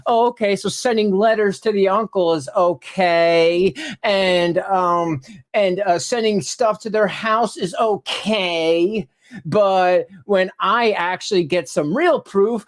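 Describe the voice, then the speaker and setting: A man hosting his channel, heated and profane, ranting in casual commentary and laughing often. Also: slow pace. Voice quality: animated, jumps into high mocking voices when quoting critics. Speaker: channel host.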